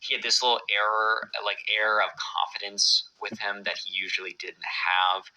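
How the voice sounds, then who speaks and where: A man's voice: lowish voice, little pitch movement, normal speed, sharp tone, rough recording. A man casually telling a classroom story on a podcast, animatedly acting out the characters in quoted voices.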